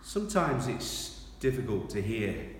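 A man delivers a sermon at an unhurried, deliberate pace, swelling to loud, dramatic scripture readings before settling into quieter reflection. He is recorded from a distance in a large church hall, with a heavy wash of echo and a faint hum of room noise. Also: fairly low pitch, big pitch swings. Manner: slow, emphatic preaching that rises to loud dramatic readings. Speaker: pastor. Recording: echoey hall from far off.

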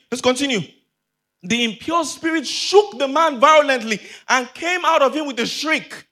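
A man's voice: very high voice, moderate pace, bright, forceful tone. A man preaching a sermon as pastor, emphatic, repeating phrases and asking the congregation rhetorical questions.

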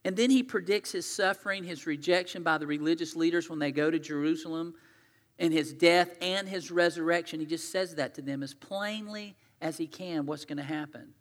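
A man's voice: a little high, normal speed, in a large hall. A man preaching a sermon as pastor, earnest and conversational as he retells scripture in his own words.

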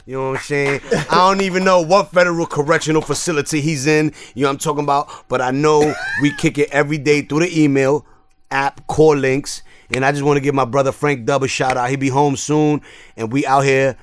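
Laid-back New podcast host. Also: male voice, fairly high pitch, steady tone, a little fast, a little hiss or hum. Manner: laid-back, mumbling slang with restarts. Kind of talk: casual chat.

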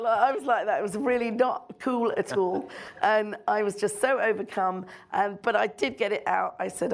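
Gravelly woman telling a lively story. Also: medium pitch, normal speed. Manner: animated, laughs often, mimics people. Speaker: filmmaker guest. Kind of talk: anecdotal storytelling on stage.

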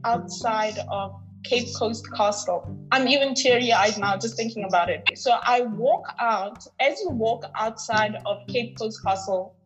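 A woman's voice: fairly high pitch, measured pace, hardly any pauses, muffled recording, over music. A woman from the North West, a podcast guest telling a personal story in a heartfelt, emphatic way and repeating words for weight. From North West, South Africa.

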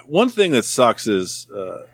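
A man guesting on a podcast, speaking bluntly with frequent swearing as he rambles through stories. His voice is mid-pitched and recorded close and dry, with no room sound. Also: very animated, takes it slowly, breathy edge, dry recording. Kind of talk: casual chat. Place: California.

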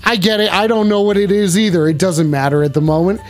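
A man hosting a crude comedy live stream, taking callers and talking loud and profane, often bursting into yelling. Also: sits high, steady tone, fast talker, over music.

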